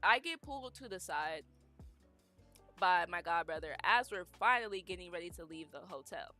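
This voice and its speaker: A young woman streaming and telling a story in a casual, animated, emphatic way. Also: fairly low pitch, normal speed, faint music behind. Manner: animated, emphatic, dramatic retelling.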